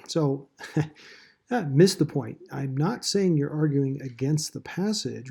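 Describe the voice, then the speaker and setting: A male Bible study teacher walks through a lesson in a relaxed, rambling way, with a gravelly, husky, darker voice. He restarts often and fills gaps with "um" and "you know". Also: medium pitch. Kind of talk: recorded lesson walkthrough.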